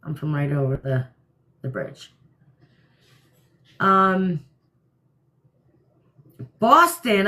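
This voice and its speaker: A woman's voice: on the low side, sing-song, extremely slow, pauses often, bright, forceful tone. A woman from New Jersey with a New York-area accent, hosting a casual livestream and answering viewer comments in a blunt, opinionated way. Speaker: livestream host.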